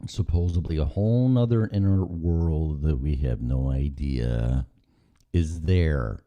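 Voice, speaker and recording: A man's voice: very deep voice, slow, dark tone, highs cut off. A middle-aged man hosting a casual live-stream show, rambling and sarcastic with frequent swearing. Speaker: podcast host.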